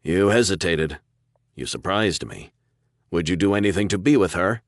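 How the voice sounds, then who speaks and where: A man's voice: sits low, expressive, no room sound, clean studio sound. A man voicing a composed elderly male interrogator who speaks plainly and evenly. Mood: cool measured. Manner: plain, measured.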